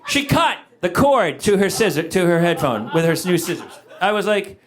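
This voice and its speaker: Exasperated middle-aged comedian, very lively pitch. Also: male voice, moderate pace, crowd noise. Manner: exasperated, animated storytelling. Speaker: stand-up comedian. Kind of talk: stand-up storytelling. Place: comedy stage. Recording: live audience laughter.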